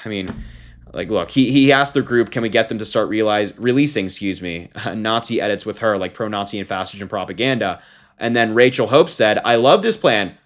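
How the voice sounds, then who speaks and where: A young man hosting a political commentary show, reading from an article and reacting with indignation, jumping from loud mocking call-outs to low, disgusted asides. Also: fairly quick.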